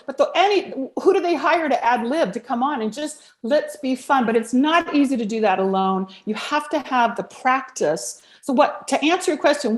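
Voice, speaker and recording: High-voiced, blunt woman coach on a call. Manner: blunt, animated, laughs often. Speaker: on-camera speaking coach. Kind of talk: casual interview chat. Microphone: video call. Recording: roomy echo over a video call.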